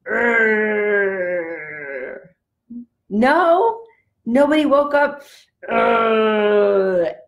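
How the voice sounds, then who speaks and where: A woman with a high, bright-sounding voice leads an online lesson for young children from home. She talks in a slow, drawn-out way, animated and sing-song, acting out feelings and singing simple songs. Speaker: children's language teacher.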